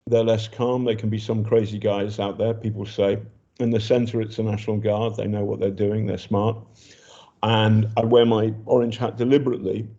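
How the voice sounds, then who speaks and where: A man's voice: fairly low pitch, mellow, muffled recording. An older British man, a journalist reporting from a war zone, talking in a chatty, hesitant way with many ums and restarts. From Britain. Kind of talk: casual spoken report.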